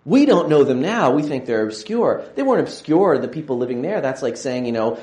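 An enthusiastic male lecturer talks to his class at a middling pitch, often digressing and restarting his phrases. The room is roomy and echoey around his voice. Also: big pitch swings, fairly quick, darkish tone. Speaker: university lecturer.

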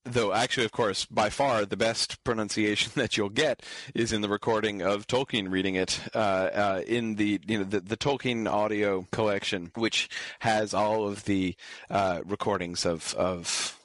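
A man's voice: on the low side, fairly even intonation, a bit bright, dry recording. A man lecturing an online class and taking viewer questions, explaining patiently and often stopping with fillers and restarts. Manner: halting, many fillers and restarts.

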